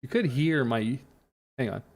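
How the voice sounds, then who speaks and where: Gravelly-voiced man chatting on a live stream. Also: medium pitch, lively intonation, a little slow. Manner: mutters and swears while fiddling with stream settings.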